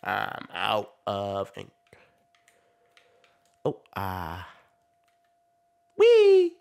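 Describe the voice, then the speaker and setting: A man's voice: fairly high pitch, big pitch swings, unhurried, a bit bright. A man hosting a casual gaming video, playful and laughing often as he chats through a match. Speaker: gaming channel host. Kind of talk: casual gameplay chat.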